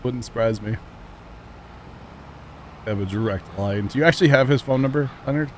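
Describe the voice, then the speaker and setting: A male livestreamer chats casually with his viewers and co-players in a mid-pitched voice, dropping quick exclamations and thank-yous. A faint hum sits behind him. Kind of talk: casual gaming livestream chat.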